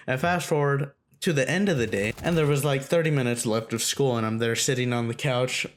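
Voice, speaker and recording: A young man recounts a school story in a loose, rambling way. His talk is casual and full of fillers and swearing, and his voice sits at an ordinary mid pitch for a man. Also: brisk, hardly any pauses. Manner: rambling, profane, filler-heavy. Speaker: storytime vlogger.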